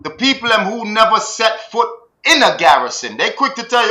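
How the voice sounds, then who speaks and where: A man's voice: high voice, a little fast, few pauses, rough recording. A man with a Jamaican accent hosting a podcast, ranting in heated casual commentary, mixing in patois and repeating himself. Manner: animated, ranting, patois-laced, repeats words. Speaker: podcast host.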